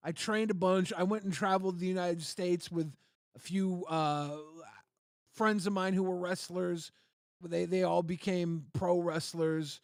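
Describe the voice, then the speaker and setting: High-voiced rambling man on a dry mic. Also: no echo. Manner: rambling, relaxed storyteller with many fillers. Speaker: interview guest. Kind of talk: casual live-stream interview.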